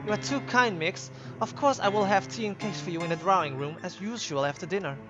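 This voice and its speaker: A man's voice: sits high, brisk, highs cut off, over music, close to an everyday voice. A man voicing a humble young maid in a game, meek and deferential.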